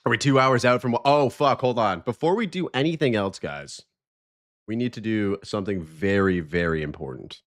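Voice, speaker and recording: A man's voice: on the low side, moderate pace. A man hosting a live stream, chatting casually, greeting viewers and joking.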